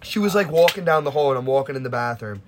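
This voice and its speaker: A young man hosting a casual podcast, telling stories with lively acted-out quotes and plenty of swearing. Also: mid-range voice, quick pace, background noise. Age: young adult. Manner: animated storytelling, acts out quotes, swears freely. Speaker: podcast host. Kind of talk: casual chat.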